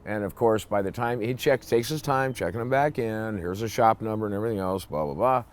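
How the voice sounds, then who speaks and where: An older man, a former police officer, telling a casual anecdote in a blunt, salty way and acting out the gruff lines of others. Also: lowish voice, brisk. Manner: blunt, salty storyteller who acts out gruff quoted lines.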